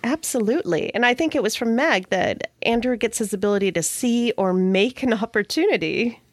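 A woman's voice: a little high, lively intonation, no echo. A woman co-hosting a casual podcast conversation, retelling a history with reflective, storytelling asides. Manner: reflective, storytelling, quick agreeing interjections. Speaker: podcast co-host.

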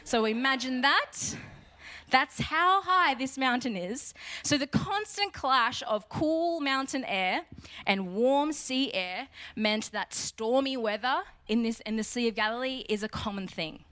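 A young adult woman preaching a lively sermon, telling the story with jokes and bursts of loud acted lines. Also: sits high, a little slow, no room sound.

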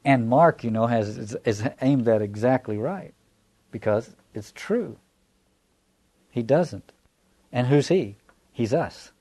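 A man's voice: medium pitch, slow, pauses often, warm tone. A man with a Southern American accent, giving a reflective lecture on scripture, restarting phrases and posing rhetorical questions.

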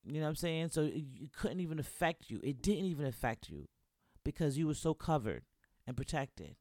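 A man's voice: a little high, very animated, brisk, darkish tone, no room sound, studio quality. A young man hosting a solo podcast in a casual, chatty way. He keeps encouraging his listeners and checking in with them. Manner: chatty and encouraging, constantly checking in with "right?" and "you know". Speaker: podcast host.

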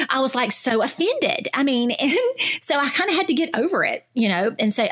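A woman speech-language pathologist chats as a podcast guest in a slightly high voice. She tells stories with real enthusiasm and peppers them with "you know." She brings quoted colleagues to life in lively voices. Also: fairly quick. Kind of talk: casual podcast conversation.

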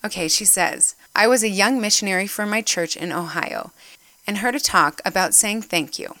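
A woman's voice: mid-range voice, moderate pace, pushed and bright, no room sound. A woman giving an earnest devotional talk, reading a story aloud and getting emotional as she goes. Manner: emotional, earnest, gets choked up. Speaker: church speaker.

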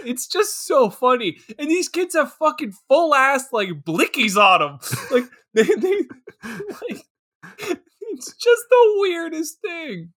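A woman co-hosting a podcast, chatting excitedly about a film, laughing often and swearing freely. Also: high voice, slow. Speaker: podcast co-host. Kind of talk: casual movie recap chat.

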